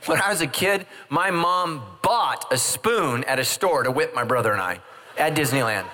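A man's voice: on the high side, lively intonation, normal speed, bright, forceful tone. A middle-aged man preaching a humorous sermon as pastor, joking and acting out quoted voices. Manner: jokey, acts out quoted voices.

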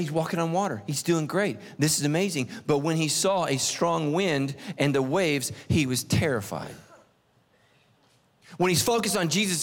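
A middle-aged man preaching a sermon, telling stories with lively, animated delivery and acting out voices. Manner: animated storytelling, acts out voices, big pitch swings. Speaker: pastor. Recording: long reverb of a large hall.

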